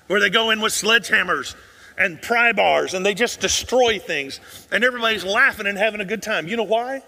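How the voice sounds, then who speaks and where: This pastor's sermon rings out high, bright, and forceful through a large sanctuary's long echo. He relies on rhetorical questions and lowers his voice almost to a whisper when pressing a point with the congregation.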